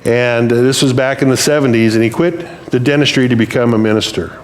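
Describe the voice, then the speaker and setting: A man's voice: medium pitch, fairly quick, a little hiss or hum. An older man giving a sermon in a church, speaking plainly and conversationally as he tells stories. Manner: storytelling, conversational, plain-spoken. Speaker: preacher.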